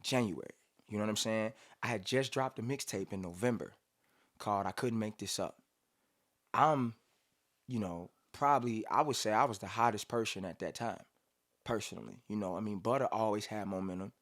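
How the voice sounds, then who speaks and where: A man in his thirties from Cincinnati, a rapper telling stories casually in a studio interview, acting out quotes and humming beats. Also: fairly low pitch. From Cincinnati, USA. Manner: animated storyteller, acts out quotes, hums beats. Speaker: rapper guest.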